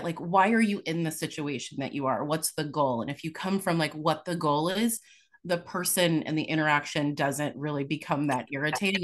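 Low-voiced woman sharing candidly. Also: a bit bright. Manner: thoughtful, candid about her harsh tone. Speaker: team member sharing. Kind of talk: reflective casual sharing.

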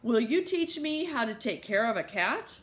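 A woman voicing a shy older man who speaks very softly and hesitantly in an audiobook. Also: a little high, sing-song, normal speed. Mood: timid. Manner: very soft, hesitant, faint.

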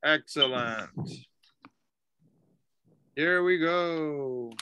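A man's voice: a little high, extremely slow, pushed and bright, highs cut off, slight background noise. A man teaching English over a video call, patiently drilling pronunciation and switching into Spanish. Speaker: ESL teacher. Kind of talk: online English lesson.

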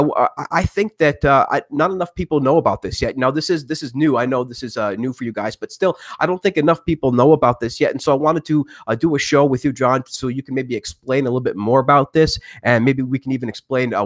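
A man's voice: medium pitch, no room sound. A man hosting a podcast in a rambling, upbeat way, full of "uh" and restarts. His voice sits in an ordinary middle register. The recording is dry and close, with no room sound. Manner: rambling, filler-heavy, upbeat. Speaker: podcast host. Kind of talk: casual show intro and interview.

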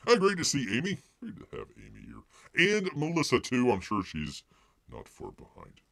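A man hosts a casual live stream with a gravelly, fairly low voice. He rambles folksily, leans on filler words and calls himself by name. His pitch leaps around wildly, and the sound is close and dry. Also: wildly swooping pitch, normal speed, fairly bright tone, no room sound. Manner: rambling, refers to himself in the third person.

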